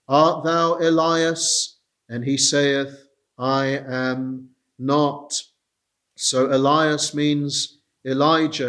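A man preaching an expository sermon, slow and deliberate, pausing with frequent hesitations and reading scripture in old King James wording. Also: fairly high pitch.

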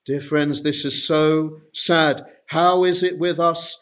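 A man's voice: a little high, fairly even intonation, slow, a bit bright. A man preaching an earnest sermon, often turning to his listeners with direct appeals.

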